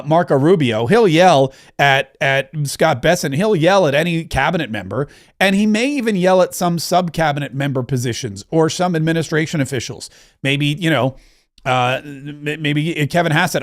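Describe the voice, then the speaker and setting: A man hosting a political commentary show in an animated, chatty way, often repeating phrases. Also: fairly high pitch.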